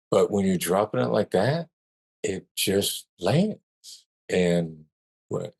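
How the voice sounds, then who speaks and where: A man with a notably deep voice talks as an interview guest on negotiation. He speaks in a measured, deliberate way and slows down to stress key points. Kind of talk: conversational advice in an interview.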